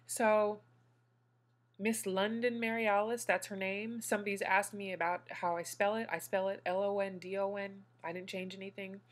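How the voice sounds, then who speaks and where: A woman vlogger and new mother talking casually to her viewers, gushing and emotional. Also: mid-range voice.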